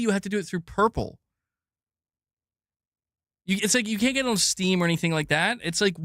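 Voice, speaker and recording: A fairly high-voiced man rants about the gaming industry in a loose, profane, rambling way, stumbling over restarts and breaking into laughter. He mocks the people he talks about in put-on voices. The sound is dry and close, with no room echo. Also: fairly bright tone. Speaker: gaming news host. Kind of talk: casual opinion rant.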